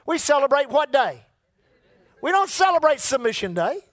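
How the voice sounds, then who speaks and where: A man's voice: very high-pitched, very animated, normal speed, a bit bright. A middle-aged man preaching a sermon in a folksy, repetitive way and calling out to the congregation. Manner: folksy, repeats words, calls on the congregation.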